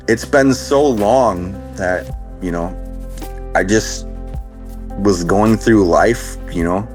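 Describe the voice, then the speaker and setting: A man in his thirties from Minnesota speaks with a low, grounded voice, telling his story in earnest, halting phrases full of "you know" and "like". He talks casually, as a guest in an interview. Soft music plays faintly underneath. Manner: earnest, halting, many fillers and restarts. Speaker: guest sharing recovery story.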